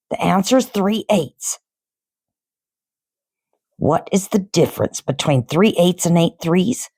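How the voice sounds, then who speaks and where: A towering, furious headmistress snarls insults at a child, as a woman reads her aloud. Her voice is low and dark, dragged out slowly for emphasis. The sound is dry and close. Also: no room sound, heavily acted. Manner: barking insults, slow and emphatic.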